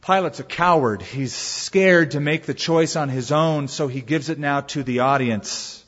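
A man's voice: a little high, a little slow, fairly bright tone. A man preaching a sermon, telling the story dramatically with rhetorical questions. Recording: dull reverberant hall recording.

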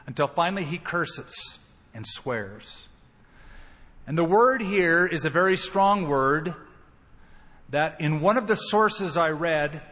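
A man preaching a sermon, acting out the quoted lines as he retells the story. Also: on the high side. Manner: expressive, acts out quoted lines. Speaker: pastor. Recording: long hall reverb.

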